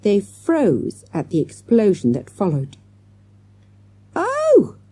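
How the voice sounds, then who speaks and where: A woman's voice: lowish voice, normal speed, breathy edge, no echo. A woman narrating a children's storybook, voicing the characters as she goes. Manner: lively, acts out character lines. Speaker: audiobook narrator.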